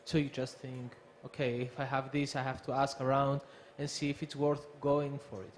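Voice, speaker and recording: A man in the audience politely asking a question, pausing as he thinks aloud. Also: medium pitch, little pitch movement, slight background noise.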